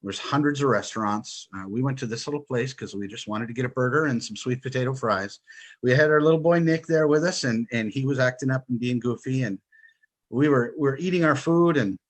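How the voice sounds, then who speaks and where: A man, a guest in an interview, telling his story with lively quoted dialogue. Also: mid-range voice, brisk. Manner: animated storyteller, acts out quotes. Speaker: guest, online seller.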